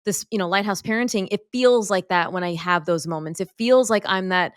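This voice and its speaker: A woman's voice: medium pitch, brisk, smooth, dry recording, studio quality. A woman podcast host and pediatrician in casual interview chat, telling personal stories in an earnest, open way.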